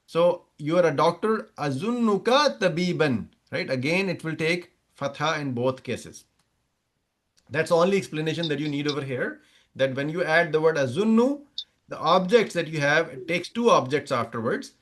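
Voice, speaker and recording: A man's voice: fairly high pitch, expressive, moderate pace, a bit bright. A man teaching a grammar class over a video call, explaining step by step, repeating examples and checking that students follow. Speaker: Arabic teacher. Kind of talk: online class lecture.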